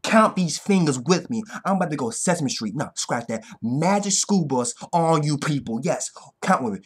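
A man giving an excitable, profane anime fight recap that keeps bursting into yells. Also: on the high side, normal speed, hardly any pauses, breathy edge. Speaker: anime reaction vlogger. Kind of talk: hyped casual recap.

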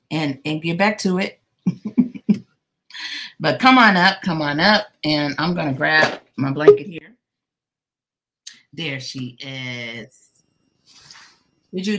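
With a sharp tone and a voice on the low side, a woman runs a casual crochet livestream. Naming her viewers one at a time, she teases each of them playfully and laughs.

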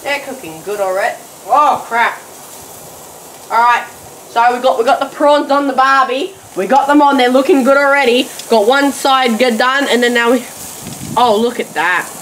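A woman with an Australian accent doing a jokey, slang-heavy comedy how-to vlog with excitable exclamations, outdoors in a backyard. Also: high-pitched, normal speed, slight background noise. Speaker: comedy vlogger. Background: sizzling food on a grill.

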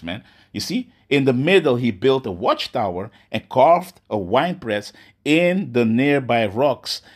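A man giving an informal sermon, ending nearly every phrase with "man", restarting often and reading Bible verses slowly. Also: medium pitch, slightly rough.

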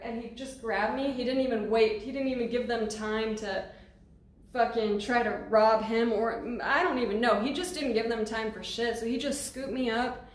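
A woman recounts a story straight to camera in a loose, blunt vlog style, cursing freely and getting animated. Her voice sits a bit high, and the room rings with noticeable echo. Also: moderate pace. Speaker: vlogger. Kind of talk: casual storytime.

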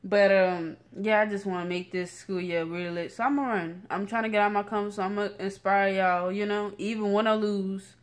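A woman's voice: medium pitch, fairly even intonation, moderate pace, hardly any pauses. A woman in her late teens vlogging to her phone camera at home at night, rambling in a chatty, slangy way with lots of fillers. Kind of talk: casual rant to camera.

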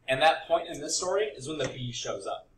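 A man's voice: on the high side, lively intonation, fairly quick, background noise. A man teaching a recorded lesson, explaining step by step and often checking in with "right?". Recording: echoey room.

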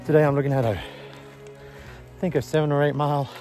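A man's voice: fairly high pitch, fairly even intonation, normal speed, darkish tone, soft background music. A man filming himself on a mountain trail, talking casually and upbeat to his viewers, out of breath from the climb. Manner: chatty, upbeat, talks to viewers directly. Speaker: hiker filming a trail vlog. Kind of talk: casual vlog narration. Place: outdoors on a forested mountain trail.

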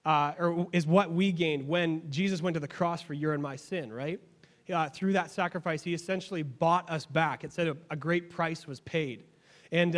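Young male pastor in a reverberant church. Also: a little high. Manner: casual storytelling with humor. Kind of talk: sermon. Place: church sanctuary. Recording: long hall reverb.

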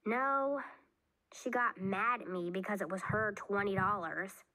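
A woman reading aloud, voicing a spirited, excitable young girl with high, squealing outbursts. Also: unhurried. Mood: lively.

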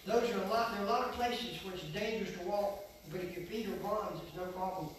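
A man's voice: sits high, a little fast. Older male pastor, folksy sermon, distant mic in a reverberant sanctuary with faint noise. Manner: folksy preaching, swings from soft to loud. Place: church sanctuary. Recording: echoey church from far off.

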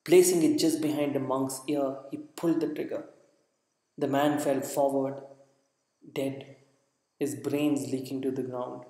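A man reading dramatic narration at a measured pace, with occasional slips and restarts. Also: medium pitch, little pitch movement, dark tone. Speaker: audiobook narrator. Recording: echoey reverberant room.

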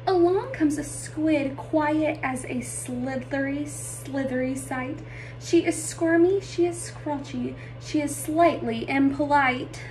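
A woman's voice: sits high, slow pace, a little mellow, recorded from a distance, a little hiss or hum, low-quality recording. A woman narrating a rhyming children's storybook aloud.

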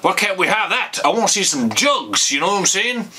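A comedy vlogger rants to camera in a rambling, profane bit, slurring and emotional like a drunk, repeatedly calling his audience "folks" and "you bastards." His voice is high-pitched, sing-song, pushed and bright, a little fast. Slight background noise is present.

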